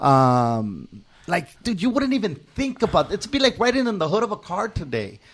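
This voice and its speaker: A man's voice: sits high, big pitch swings, normal speed. A man, a podcast guest, telling rambling, profane stories full of fillers in casual chat.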